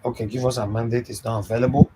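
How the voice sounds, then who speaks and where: A man moderating an open discussion, brisk and full of thank-yous and fillers. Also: mid-range voice, flat delivery, mellow, slight background noise, low-quality recording.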